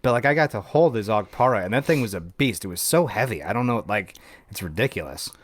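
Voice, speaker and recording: A veteran podcast guest tells lively, casual anecdotes in a lowish voice, speaking fast. He acts out the voices of the people in his stories.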